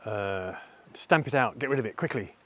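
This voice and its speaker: A middle-aged man speaking in a personal vlog monologue, candid and self-reflective with a halting delivery. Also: on the low side, expressive, a bit bright. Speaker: vlogger.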